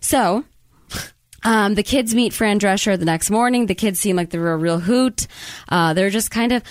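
A woman with a mid-pitched voice retells a movie plot in a chatty, easygoing way. She co-hosts a casual chat show. The recording is dry and close. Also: normal speed, dry recording. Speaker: podcast co-host.

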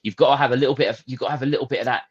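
A man co-hosting a football podcast in casual chat. He talks thoughtfully, pausing on fillers as he works through his points. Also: medium pitch, fairly even intonation, husky, muffled recording. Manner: thoughtful, hesitant, many fillers. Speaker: podcast co-host.

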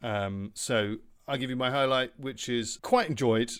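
A man's voice: medium pitch, measured pace. Mock-serious male podcast host. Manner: smooth, mock-serious presenter tone with ums. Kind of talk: deadpan comedy review chat.

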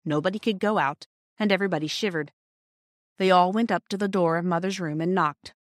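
A woman reading a classic children's storybook aloud in a gentle, measured way. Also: lowish voice, no echo, studio quality. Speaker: audiobook reader. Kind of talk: storybook narration.

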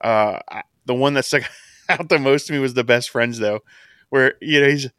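A man's voice: mid-range voice, normal speed, a bit bright, clean tone, no echo, studio quality. A man co-hosting a casual wrestling podcast, recapping in a chatty way and laughing as he acts out quotes. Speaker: podcast co-host.

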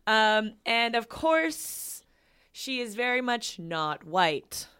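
A woman's voice: fairly high pitch, sing-song, slow pace, sharp tone, smooth. A woman co-hosting a podcast in casual chat, reading housekeeping notes with plenty of ums. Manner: chatty, reads housekeeping notes with filler ums. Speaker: podcast co-host.

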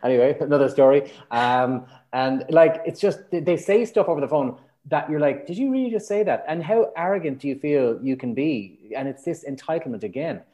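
With few pauses, an Irish matchmaker speaks at medium pitch and normal speed as a podcast guest. It's a candid conversational interview, and he's an animated storyteller who acts out his clients' lines.

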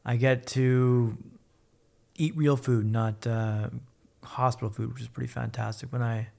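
A man's voice: mid-range voice, steady tone, measured pace, gravelly, a little mellow. A man telling his own story as a podcast guest, blunt and upbeat, swearing freely. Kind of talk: casual candid storytelling.

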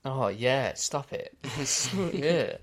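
An Australian man co-hosting a casual podcast, recapping episodes in a quick, animated way. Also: mid-range voice. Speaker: podcast co-host.

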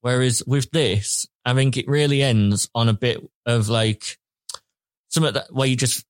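A man's voice: medium pitch, steady tone, moderate pace, clear, resonant tone, dry recording, studio quality. A man co-hosting a podcast, chatting casually with rambling, hesitant phrasing. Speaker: podcast co-host. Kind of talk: casual chat, reviewing a series.

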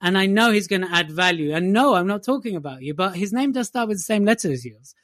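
A man's voice: high-pitched, expressive, fast talker, fairly bright tone, dry recording, clean studio sound. A man co-hosting a podcast, teasing and laughing often. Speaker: podcast co-host. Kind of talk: casual chat.

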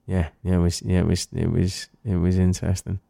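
A man's voice: deep voice, flat delivery, fairly quick, vocal fry, warm tone. A man with a Liverpool accent, an actor talking as a guest in a casual interview, telling chatty stories. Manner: chatty storyteller, acts out others' voices.

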